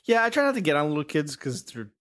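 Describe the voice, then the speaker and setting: A man's voice: on the high side, big pitch swings, quick pace, a bit bright. A man co-hosting a casual horror podcast, laid-back, chuckling as he tells stories. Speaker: podcast co-host.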